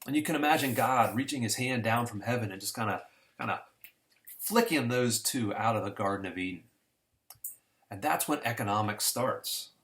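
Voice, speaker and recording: A man teaches beginner economics at a normal speed, his medium-pitched, fairly bright voice full of lively intonation. The lesson is a casual recording, delivered like a conversation and a story, with homespun examples.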